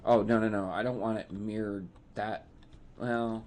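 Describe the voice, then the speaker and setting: A man's voice: fairly low pitch, fairly even intonation, a little slow, darkish tone. A man co-hosting a live game stream, laid-back, mostly giving short replies. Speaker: stream co-host. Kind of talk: casual chat while gaming.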